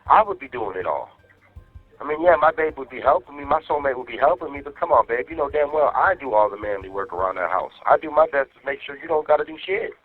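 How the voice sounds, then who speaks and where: A man vents his anger over the phone, swearing constantly and firing off his words at speed. The line is narrow and tinny, like a phone call. His pitch sits in an ordinary middle range. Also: lively intonation, fast, soft background music. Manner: angry, profane ranting. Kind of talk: casual phone conversation.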